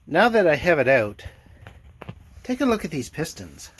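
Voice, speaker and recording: Very animated and pausing often, a somewhat rough, high-leaning male voice moves at a moderate pace. It's an older boat owner doing a motor refit in a sailboat cabin, narrating casually with dry, self-deprecating humor and many fillers.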